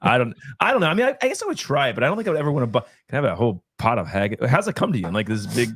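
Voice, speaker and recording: A man hosts a casual live whiskey tasting, joking around and breaking into laughter easily. His pitch swings widely as he talks, and the sound is dry and close. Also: very fast, husky, dry recording. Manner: jokey, laughs often, excitable. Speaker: show host.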